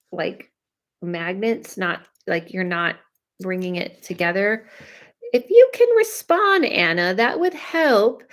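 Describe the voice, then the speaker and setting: A woman, chatting through a live psychic reading with lots of fillers, speaking straight to the people she reads for. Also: lowish voice. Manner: chatty, many fillers, talks straight to viewers. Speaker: psychic medium. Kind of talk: live reading, casual chat.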